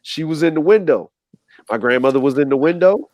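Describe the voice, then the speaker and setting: A man's voice: a little high, a little fast, no echo. A man telling a funny story in casual chat, acting out voices as he goes. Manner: animated, acts out voices in his stories. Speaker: co-host.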